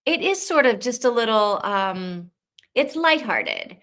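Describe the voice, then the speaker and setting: A woman's voice: fairly high pitch, sing-song, takes it slowly, fairly bright tone. A woman hosting a live reading stream, chatting casually and thinking aloud, rambling with restarts. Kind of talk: casual livestream chat.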